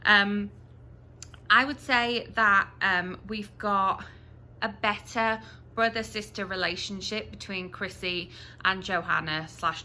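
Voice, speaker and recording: A woman from the UK with a bright, crisp voice, talking casually to her viewers as a book vlogger. She rambles in a friendly way, full of ums and little restarts. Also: medium pitch, a little hiss or hum. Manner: chatty, many ums and restarts. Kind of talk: casual chatty review to camera.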